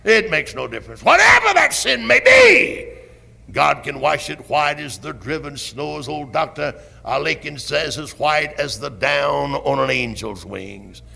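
A man preaching a fiery old-time sermon with a Southern accent, impassioned and building to shouts with drawn-out emphasis. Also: fairly high pitch, very animated, gravelly. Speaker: pastor. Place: church sanctuary. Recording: 1970s church recording with long hall reverb.

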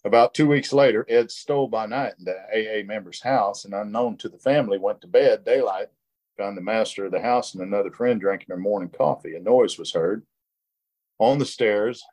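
A middle-aged man with a somewhat low voice leads a recovery study group. He reads passages aloud and then tells his own story, plainspoken and earnest. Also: fairly quick, darkish tone. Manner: earnest, plainspoken, with short laughs. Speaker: workshop leader. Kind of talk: reading aloud and sharing recovery experience.

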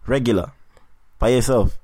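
A man's voice: mid-range voice, normal speed, dark tone, husky. A man in casual, teasing podcast chat, full of slang. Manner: slangy, teasing, laid-back.

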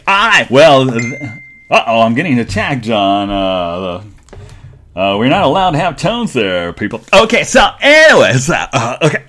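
A man hosting a live show, telling rambling, chatty stories with lots of fillers and restarts. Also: fairly bright tone. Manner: greets chat viewers in a sing-song high voice. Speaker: podcast host. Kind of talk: live-stream casual chat.

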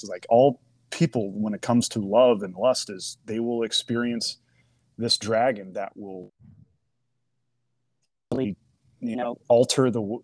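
A man's voice: lowish voice, a little mellow, no echo. A man as a podcast guest, reflecting in casual chat and retelling old conversations.

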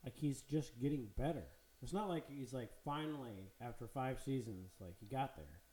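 A man's voice: medium pitch, moderate pace, dark tone, roomy sound, low-quality recording. A man co-hosting a podcast, chatting casually and animatedly about football, swearing and laughing often. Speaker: podcast co-host. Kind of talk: casual sports chat.

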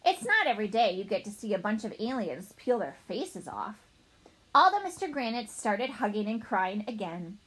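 A woman narrating a children's storybook in a playful, animated way as a young boy narrator. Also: medium pitch, moderate pace, breathy edge, poor audio. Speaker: audiobook narrator.

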